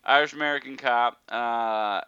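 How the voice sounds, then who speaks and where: A man hosting a casual podcast chat, animated and rambling with lots of fillers. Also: medium pitch, normal speed, clean tone, dry recording, lo-fi sound. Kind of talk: casual chat about a TV show.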